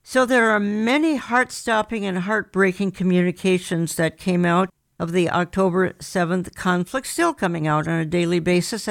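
Host for a talk-radio spot: earnest and measured, reads reports aloud, middle pitch, dry studio mic. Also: creaky, no room sound. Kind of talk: talk radio commentary and reading news reports.

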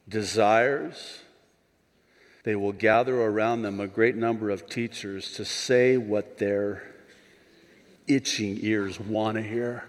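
A male pastor preaching a conference sermon, moving from quiet asides to impassioned shouting with joking digressions. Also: lowish voice. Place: large conference hall. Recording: long hall reverb from a live conference.

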